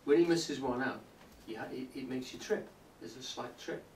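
A man lectures on poetry to a live audience, explaining patiently and often asking whether they follow. His voice, neither high nor low, is picked up from a distance in a roomy hall. A faint background hiss sits under the recording. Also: normal speed. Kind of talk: public talk on poetry. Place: indoor room with a live audience.

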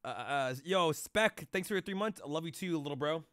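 A man's voice: on the high side, expressive, a little fast, a bit bright, no echo, studio quality. A young man streaming live, chatting loosely with chat in rambling, profane slang.

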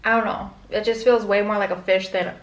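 A woman's voice: mid-range voice, fairly even intonation, a little fast. A young pregnant woman vlogging casually, rambling candidly with lots of "like". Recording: echoey room.

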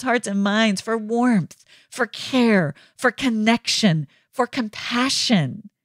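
A woman's voice: fairly high pitch, a bit bright, dry recording, clean studio sound. A woman hosting a podcast, giving an earnest, faith-based teaching monologue with emphatic phrasing and frequent check-ins of "right?". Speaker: podcast host.

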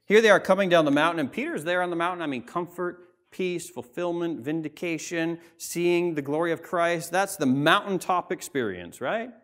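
A pastor preaching a sermon in a church, reading scripture and explaining it in a conversational way with frequent asides. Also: male voice, on the high side, normal speed, few pauses, a bit bright. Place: church sanctuary.

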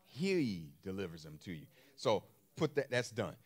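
A man's voice: low voice, sing-song, normal speed. A man preaching a sermon in an emphatic style, repeating phrases and throwing questions to his listeners, with features. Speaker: pastor.

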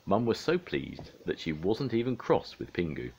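Deep older man reading a storybook. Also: normal speed, vocal fry, breathy edge, highs cut off. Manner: lively, animated read-aloud. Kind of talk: reading a children's storybook aloud.

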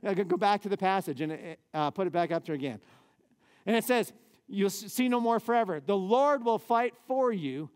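A man, a pastor, preaching a lively sermon in a church with casual, conversational asides. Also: sits high.

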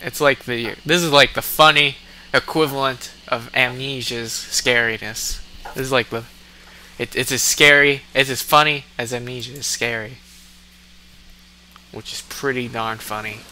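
A man giving casual let's play commentary, reading out game commands and laughing often. His voice is mid-pitched and very bright. Faint noise sits behind him. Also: steady tone, a little slow. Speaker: gamer.

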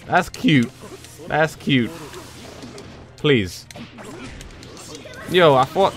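A man giving casual, profane commentary over his own fighting game match, muttering and breaking into sudden shouts. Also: fairly high pitch, drawn-out words, pauses often, faint music behind. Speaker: gameplay commentator. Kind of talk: casual live gameplay commentary.

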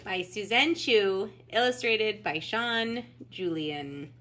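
A woman teacher reading a picture book aloud to young children from her home, in an animated sing-song way. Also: medium pitch, slow. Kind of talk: children's story read-aloud.

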